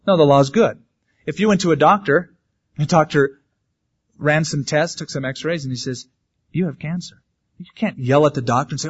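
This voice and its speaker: Man preaching, slightly high, lo-fi. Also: fairly quick, breathy edge. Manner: conversational preaching with humorous asides. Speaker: pastor. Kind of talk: sermon. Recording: dull lo-fi sermon recording.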